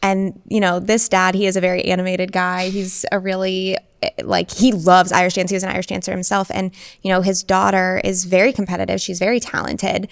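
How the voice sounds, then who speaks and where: A woman co-hosting a podcast shares an anecdote with animated energy. Her mid-range voice carries a lot of vocal fry, and she lifts her pitch sharply whenever she voices someone else. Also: fairly quick, no room sound. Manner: animated storyteller, acts out quotes with jumps in pitch. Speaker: podcast co-host. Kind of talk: casual storytelling chat.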